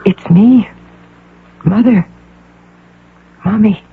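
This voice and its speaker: A woman playing an intense, possessive woman posing as a devoted mother in a 1980 radio drama, speaking softly, coaxing and insistent. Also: medium pitch, drawn-out words, husky, heavily acted. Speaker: visitor claiming to be the patient's mother. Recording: narrow phone-like radio broadcast with faint hum.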